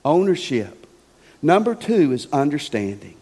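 A male pastor preaches, telling stories with a lot of drama and swinging from loud to hushed. His voice is high for a man and very lively in pitch. A long hall reverb trails every phrase. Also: a little slow, husky. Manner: animated storytelling, swinging between loud and hushed. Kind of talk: sermon.

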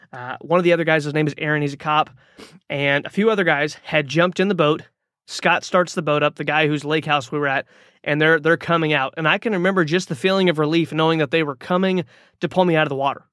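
A man's voice: fairly high pitch, a bit bright, no echo, clean studio sound. A man hosting a podcast, telling a personal story in a motivational monologue, talking casually with lots of fillers and restarts. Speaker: podcast host.

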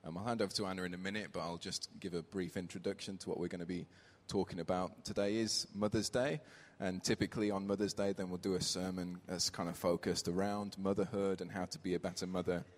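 Speaking fast with hardly any pauses, a low-voiced man with a level tone preaches a conversational sermon. He tells a family story and reads scripture aloud, and the church hall around him is reverberant.

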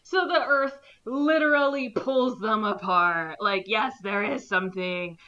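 A woman's voice: medium pitch, measured pace, sharp tone, highs cut off. A young woman casually recapping a movie plot, rambling with lots of "like" and acting out the characters' lines.

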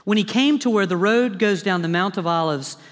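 A man, a pastor, preaching a sermon in an animated, dramatic style with humorous asides, recorded in a church sanctuary. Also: sits high, brisk, in a large hall.

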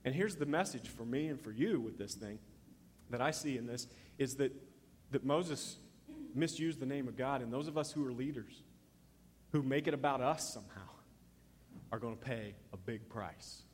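A man preaching a sermon as pastor, telling the story in an animated way and acting out the voices he quotes. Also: medium pitch, normal speed, big-room sound, a little hiss or hum.

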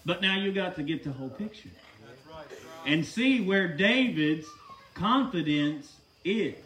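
A man's voice: sits high, lively intonation, unhurried, pushed and bright, roomy sound, distant mic. A man preaching a sermon in an emphatic, folksy way, often asking the listeners rhetorical questions.

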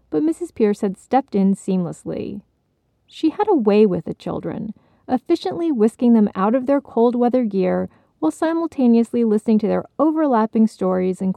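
Woman storyteller, measured read, gravelly and dark, dry close sound. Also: fairly high pitch, no room sound. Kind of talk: scripted story narration.

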